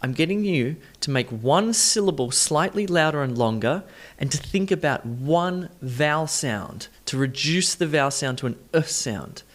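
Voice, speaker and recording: A man teaching an online English pronunciation lesson, saying practice sentences slowly and repeating stressed words to the learner in an encouraging way. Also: fairly high pitch, a bit bright. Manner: encouraging, talks straight to the learner.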